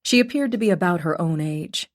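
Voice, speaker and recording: A female audiobook narrator reading a mystery novel. Her voice is low and steady, and she tells the story in a measured, even way. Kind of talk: scripted narration.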